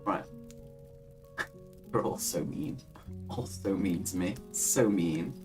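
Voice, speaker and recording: Very low-voiced chatty woman. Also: slow, music in the background. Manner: chatty, reads comments aloud, laughs often. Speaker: livestream host. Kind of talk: casual live-stream chat.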